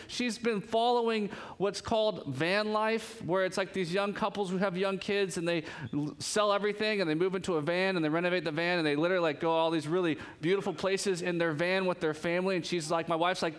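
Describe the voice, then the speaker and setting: A man in his thirties, a pastor with a bit of congestion, leading a prayer and preaching a sermon with lively storytelling. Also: sits high, a little fast, hardly any pauses, clean tone. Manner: lively storytelling with quoted voices. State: congested, sniffly. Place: church.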